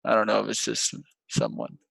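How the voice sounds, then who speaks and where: A man's voice: on the low side, sing-song, brisk, vocal fry, fairly bright tone, husky, no echo. A man talking casually as a guest trader on a live stream, laid-back and resigned. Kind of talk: casual chat.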